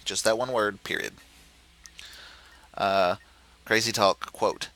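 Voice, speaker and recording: In a relaxed, screen-recorded tutorial, a man with a lowish, bright, forward voice walks viewers through a puzzle game. He explains while thinking aloud, filling gaps with "uh" and correcting himself by restarting sentences. The audio is dry and rough.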